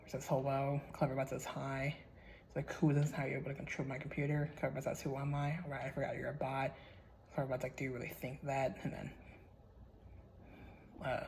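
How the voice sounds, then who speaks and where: A man's voice: mid-range voice, monotone, a little fast, gravelly, a little mellow, poor audio. Male channel host, mid-range voice, casual horror read-aloud, stumbly, swears a lot, faint background hiss. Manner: stumbling, repeating words, swearing freely.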